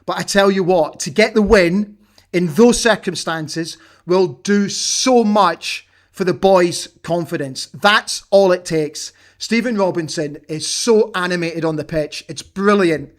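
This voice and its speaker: A man's voice: sits high, measured pace. A middle-aged man hosting a football watch-along, commentating live and cheering on his team. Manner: excitable, shouts and cheers at big moments. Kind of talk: live match commentary and chat.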